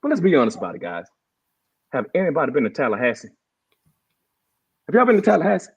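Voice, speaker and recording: A man's voice: fairly high pitch, huge pitch swings, fast talker, creaky, slightly rough. A man co-hosting a podcast, delivering a heated, emphatic sports-talk rant and calling the others "bro". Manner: fired up, emphatic, says bro and y'all often. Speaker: podcast co-host. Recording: dull lo-fi audio.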